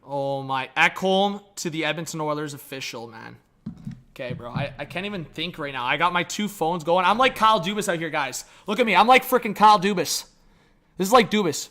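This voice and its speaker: A man live-streaming reaction commentary who chats to viewers and his dog, and swings between mumbling and shouting. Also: on the high side, animated, a little fast.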